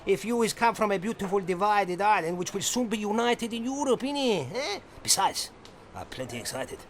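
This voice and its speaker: A jolly Cypriot fish fryer. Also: male voice, high voice, expressive, normal speed, a little hiss or hum. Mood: jovial. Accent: Greek Cypriot. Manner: broken English, jokey, teasing. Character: jolly middle-aged male Cypriot fish fryer, boastful. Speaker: shop owner character. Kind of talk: radio play acting.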